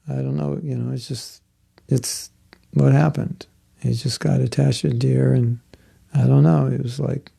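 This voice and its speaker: A spiritual teacher in Florida gives a conversational devotional class, telling a story sprinkled with asides and jokes. His voice is mellow and medium-pitched, with some vocal fry.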